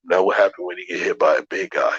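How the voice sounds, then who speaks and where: A low-voiced man argues boxing in loose, profane, emphatic talk, breaking down how fighters switch stances. The recording sounds dull and lo-fi. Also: fairly even intonation, quick pace, a bit bright, husky, dry recording. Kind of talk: casual boxing debate.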